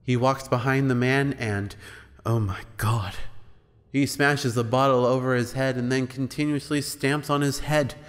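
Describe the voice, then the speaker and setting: Casting: male horror narrator, mid pitch, long reverb, soft background music. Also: steady tone, measured pace. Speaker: creepypasta narrator. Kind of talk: reading a horror story aloud.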